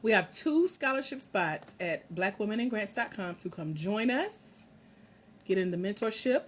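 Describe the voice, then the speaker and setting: Woman hosting a casual livestream, animated pitch, chatty and repetitive, greets viewers by name. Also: normal speed. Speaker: livestream host, grants mentor.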